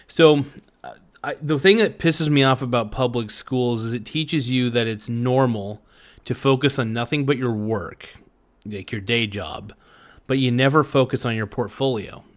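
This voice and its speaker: A man's voice: mid-range voice, moderate pace. Rambling, profane man chatting to his live chat. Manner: rambling and profane, with many fillers. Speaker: livestream podcast host. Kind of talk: casual chat while eating, reading live chat.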